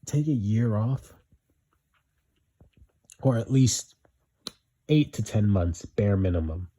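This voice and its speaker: A man's voice: lowish voice, animated, slow pace, warm tone, slightly rough. A young man giving blunt, repetitive opinion commentary, hammering his points home.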